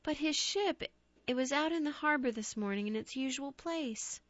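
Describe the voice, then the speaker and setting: A woman voicing a desperate, grieving young wife who cries out in high, tearful pleading in a storybook reading. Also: moderate pace, no room sound, close to an everyday voice. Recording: dry, slightly dull recording.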